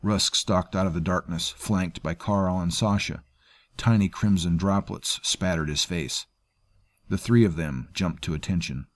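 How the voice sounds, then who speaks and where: A man narrating a dark fantasy audiobook in a dramatic, measured way. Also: low-pitched, steady tone, no room sound.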